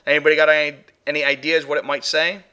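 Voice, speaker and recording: A man's voice: a little high, flat delivery, quick pace, noisy background. A man hosting a live paranormal stream, chatting casually as he plays and reviews audio clips with his chatroom. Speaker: paranormal show host.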